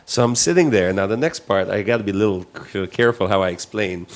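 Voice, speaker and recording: Animated man telling a travel story. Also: fairly low pitch, quick pace. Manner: lively, laughing, acts out voices in quotes.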